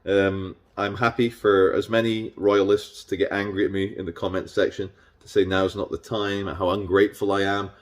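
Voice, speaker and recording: A man's voice: deep voice, level tone, moderate pace. A man delivering a rambling, sarcastic and irreverent casual monologue as a vlogger.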